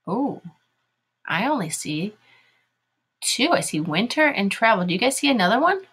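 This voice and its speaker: A woman's voice: a little high, sing-song, moderate pace, long pauses, fairly bright tone, breathy edge. A woman teaching a phonics lesson to young children, spelling words out letter by letter and sounding them out in an encouraging way.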